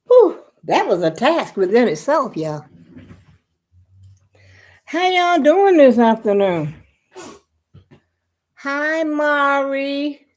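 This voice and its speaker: Older grandma type chatting slow on a live stream, kinda high voice, homey, says y'all a lot, bit winded. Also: female voice, very animated. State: out of breath. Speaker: vlogger. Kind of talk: casual live-stream chat.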